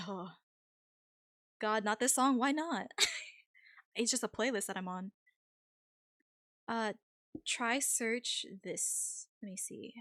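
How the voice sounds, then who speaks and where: A woman's voice: fairly high pitch, a bit bright, no echo, studio quality. A young woman streamer chatting casually with her viewers, rambling with lots of fillers and frequent laughs.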